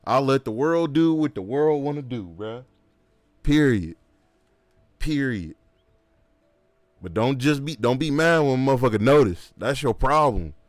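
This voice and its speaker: Brief: male streamer, casual chat, animated slangy ranting, mid pitch, dry close sound. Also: a little slow, pauses often, no room sound.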